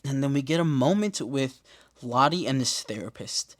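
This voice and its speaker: A man hosting a casual podcast recap, joking and swearing in loose slang, sometimes breaking into loud, high-pitched exclamations. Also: lively intonation, a little fast. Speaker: podcast host.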